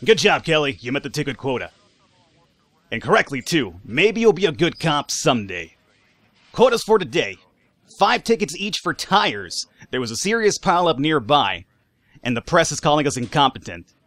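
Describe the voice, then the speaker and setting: A man's voice: a little high, very animated, moderate pace, a bit bright, no echo. A man reading a curt police boss. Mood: stern. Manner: curt, commanding. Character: gruff male police boss giving orders.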